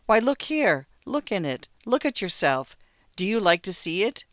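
A desperate, agitated man, as a reader puts him on, pressing with feverish questions. The voice is clean and smooth, recorded close and dry. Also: medium pitch, big pitch swings, moderate pace, no echo, pitched above the performer's own voice, natural voice. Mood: probing.

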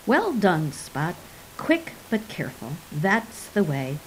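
A woman's voice: lowish voice, big pitch swings, slow pace, a little hiss or hum, low-quality recording. A woman voicing a weary, self-pitying old male wizard in a storybook reading, speaking in a dry, mildly martyred manner. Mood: kindly.

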